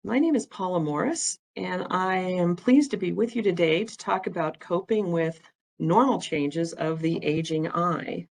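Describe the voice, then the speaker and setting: A woman's voice: on the low side, a little slow, vocal fry, low-quality recording. A woman, giving a plain-spoken, chatty educational talk about eye care as an ophthalmic imager. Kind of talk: informal educational presentation with slides.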